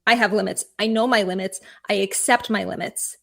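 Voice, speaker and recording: A woman therapist speaking as an interview guest, explaining advice clearly and repeating key phrases. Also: mid-range voice, steady tone, a little fast, fairly bright tone. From California.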